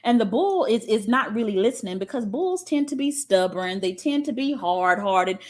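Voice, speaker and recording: A woman's voice: medium pitch, expressive, normal speed. A woman giving a spiritual teaching talk in a blunt, profane and emphatic way, often checking in with "okay?".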